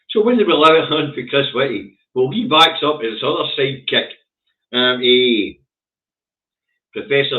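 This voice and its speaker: A Scottish man hosting a casual current affairs show, blunt and sardonic, swearing freely. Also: fairly low pitch. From Scotland. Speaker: host. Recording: tinny phone-like audio.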